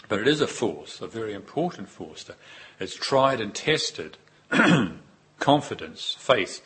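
A man giving a Buddhist dharma talk, unhurried and reflective, with pauses and repeated phrases. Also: on the low side, bright, forceful tone, husky. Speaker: Buddhist teacher.

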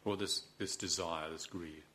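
A man with a fairly low voice leads a dharma talk at a meditation retreat. He teaches with gentle humor and slips into acted-out inner voices to make his points. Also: steady tone, unhurried.

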